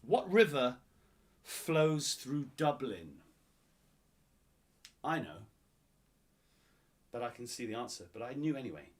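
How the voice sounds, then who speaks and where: A man's voice: medium pitch, big pitch swings, slow pace, pauses often. A man hosting a live-streamed pub quiz, reading each question several times and chatting to viewers in between. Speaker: quiz host.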